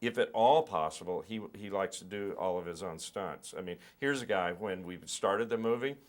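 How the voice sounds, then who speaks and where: In a relaxed interview, a middle-aged man who directs films explains at length and with care, his sentences often restarting amid repeated words. He talks at a moderate pace in a low-pitched voice.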